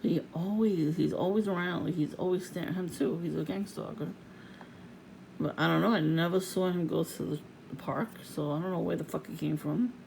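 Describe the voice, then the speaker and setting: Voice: mid-range voice, normal speed, vocal fry, a little mellow, a little hiss or hum, low-quality recording. An adult vlogger venting in a casual, profane rant to the camera, laughing often.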